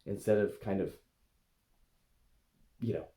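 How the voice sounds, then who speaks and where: Speaking to an inner part as he demonstrates a guided meditation for the camera, this eating coach and video host keeps his eyes closed. His low, steady voice is gentle and hesitant, full of pauses.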